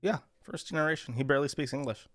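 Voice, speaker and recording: A man's voice: a little high, fast talker, a bit bright, no room sound, clean studio sound. A man talking casually as an interview guest, telling profane, sardonic stories. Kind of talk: casual podcast conversation.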